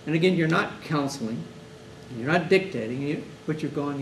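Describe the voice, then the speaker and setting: A man's voice: on the high side, lively intonation, normal speed. A man teaching hospital chaplains in a conversational lecture, often acting out exchanges with grieving families. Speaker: chaplain instructor. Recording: echoey room, mic far off, faint hiss.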